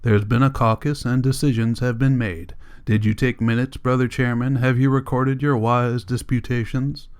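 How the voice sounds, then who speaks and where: A man voicing a forceful, sarcastic male political leader in an audiobook reading, with a biting way of talking. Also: medium pitch, flat delivery, normal speed, clear, resonant tone, natural voice. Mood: mocking.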